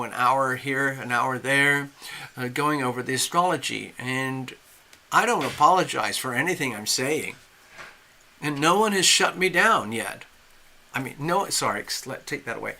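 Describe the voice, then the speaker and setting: Hosting a live tarot stream, a man talks in a casual, rambling, opinionated monologue and reads out chat messages. His voice is medium in pitch, with a pushed, bright quality.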